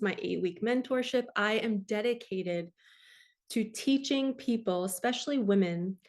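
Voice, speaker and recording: A spiritual coach in her forties, with a mid-range and slightly mellow voice, recounts her own experience directly to camera. Her tone is earnest and emotional, sometimes tearful.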